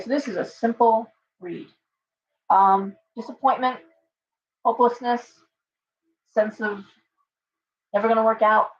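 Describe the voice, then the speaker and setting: A woman's voice: mid-range voice, far from the mic. A middle-aged woman giving a casual, rambling tarot reading on a live stream, full of fillers and restarts. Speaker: tarot reader. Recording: muffled audio from away from the mic.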